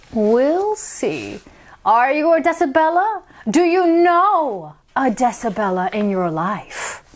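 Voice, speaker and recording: Theatrical lady reading to kids, high voice, swoops up and down, likes a stage whisper. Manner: playful, dramatic, slips into whispers. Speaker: children's storyteller. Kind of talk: theatrical read-aloud for children.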